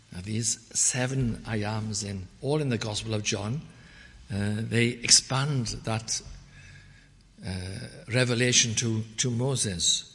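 A man preaching a measured expository sermon, quoting scripture in old English wording. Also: medium pitch, a bit bright. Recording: long reverb of a church hall.

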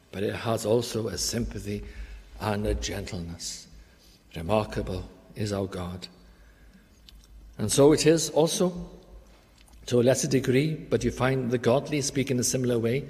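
A man preaching a sermon in an earnest, emphatic way, slowing down to stress key phrases. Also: medium pitch, a little mellow, long reverb tail.

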